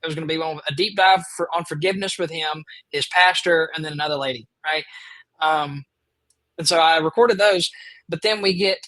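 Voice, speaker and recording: Rambling man, fairly high voice. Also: a little fast, pushed and bright, dry recording, poor audio. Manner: rambling, filler-heavy, eager. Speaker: podcast host. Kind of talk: casual storytelling chat.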